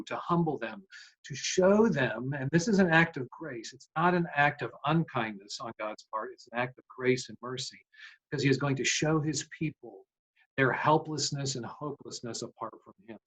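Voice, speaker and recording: Male pastor, American, emphatic sermon delivery, slightly high voice. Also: moderate pace, fairly bright tone, slightly rough, highs cut off. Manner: earnest, emphatic preaching with rhetorical questions.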